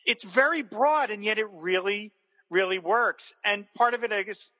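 Bright-voiced enthusiastic man in a reverberant room. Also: high voice, normal speed. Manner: enthusiastic, rambling with restarts, laughs often. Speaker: podcast co-host. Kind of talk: casual chat recapping a TV episode.

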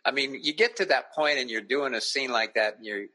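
Husky-voiced man recalling his acting. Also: medium pitch, brisk, poor audio. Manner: relaxed, rambling, easy recollection. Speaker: actor guest recalling his role. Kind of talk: casual interview chat.

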